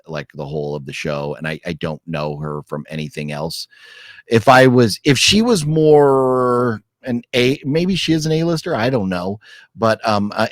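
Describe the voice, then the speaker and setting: A man co-hosting a casual film review chat, rambling with restarts and sudden lively jumps. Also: on the low side, no room sound, studio quality. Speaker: podcast co-host.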